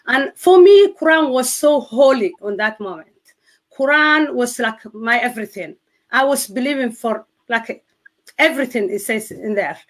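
A middle-aged woman from Somalia, a Somali native speaker, tells her personal testimony with halting phrasing and many restarts. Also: fairly high pitch. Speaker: guest telling her testimony.

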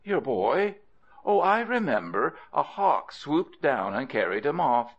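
A man voicing a shrewd, calm male traveler who speaks with dry irony. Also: a little high, slow, voice pushed up, heavily acted. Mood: sly. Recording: dull lo-fi audio.

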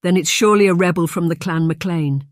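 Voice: mid-range voice, brisk, no echo, clean studio sound, lightly acted. A narrator voicing a middle-aged Scottish laird, drunk, bullying and blustering as he bellows at his family. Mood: angry bellowing.

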